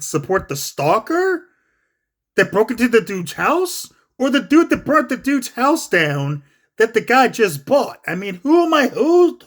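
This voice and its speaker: A man giving casual wrestling commentary, rambling and profane with many fillers. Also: high-pitched.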